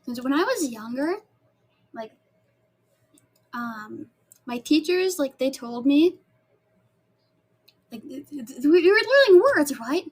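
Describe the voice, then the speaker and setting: A woman's voice: high voice, lively intonation, slow pace, long pauses. A woman whose first language is Spanish, chatting casually and rambling a little while she paints her nails. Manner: chatty, rambling, reads chat aloud. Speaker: streamer.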